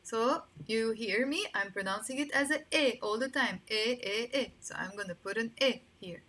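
A woman with a Lebanese accent teaching Arabic vocabulary, modeling words slowly and repeating them, then explaining them in English, recorded without a microphone. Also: a little high, sharp tone. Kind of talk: language lesson. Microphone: no microphone, built-in mic.

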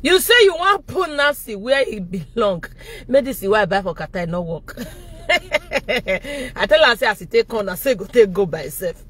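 High, bright-voiced mocking Nigerian woman. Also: normal speed, slightly rough. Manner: mocking, animated, often shouting and laughing. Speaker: social media commentator. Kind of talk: live-stream commentary.

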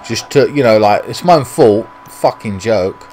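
A man's voice: fairly low pitch, expressive, normal speed, darkish tone, a little hiss or hum. Swearing British man commentating gameplay. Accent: British English. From Britain. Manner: frustrated, swears often, talks to himself. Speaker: gaming YouTuber.

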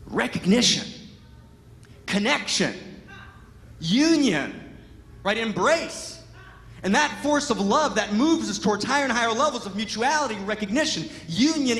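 A man giving an impassioned spiritual talk at a Sunday service, emphatic, constantly asking "right?" and swinging between loud exclaims and hushed, intimate lines. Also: very high-pitched, a little hiss or hum. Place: large hall at a live Sunday service. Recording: echoey hall with long reverb.

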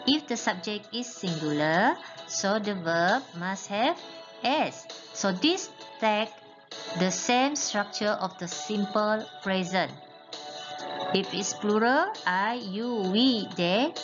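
A woman teaches a grammar lesson at an unhurried, deliberate pace, spelling words letter by letter and pausing to check understanding. The recording sounds somewhat muffled and lo-fi, with faint music underneath. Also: medium pitch. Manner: slow, patient, spells out letters, repeats "okay". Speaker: English teacher.

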